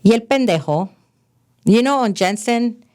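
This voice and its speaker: A middle-aged woman from California, a podcast guest telling frank, animated stories about her past in casual conversation. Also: a little high, moderate pace. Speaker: podcast guest, host's mother. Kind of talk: casual storytelling chat.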